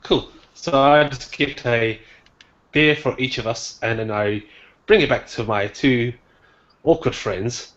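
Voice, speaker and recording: A man taking part as a player in a tabletop game, in a lively way. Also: medium pitch, slow, muffled recording. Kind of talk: casual tabletop play.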